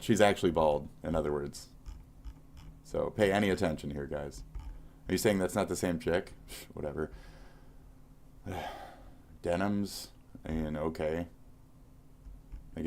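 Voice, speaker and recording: A man's voice: low voice, a little mellow. A man streaming live, reacting to posts with a profane, mocking rant.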